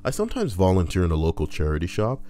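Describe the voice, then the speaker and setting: A deep, dark male voice swings hugely in pitch and races along as this YouTuber reads Reddit posts. He peppers the comedic reading with crude jokes over faint background music.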